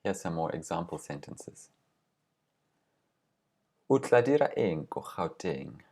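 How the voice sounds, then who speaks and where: A man teaching a language lesson, reading short example phrases and patiently explaining each word, slowing down on the key terms. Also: sits low, sing-song, vocal fry, darkish tone, husky.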